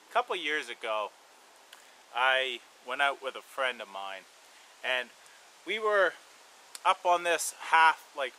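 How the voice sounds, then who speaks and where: A man hosting a bushcraft and survival channel, telling a story in a relaxed, rambling way with lots of "you know" fillers. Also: medium pitch, slight background noise, low-quality recording. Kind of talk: casual spoken storytelling.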